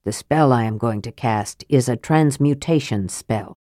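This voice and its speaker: A woman voicing a frail, sly male mage in an audiobook, with a soft, low, reproachful murmur. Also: unhurried, no room sound, studio quality. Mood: sardonic. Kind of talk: audiobook character voice.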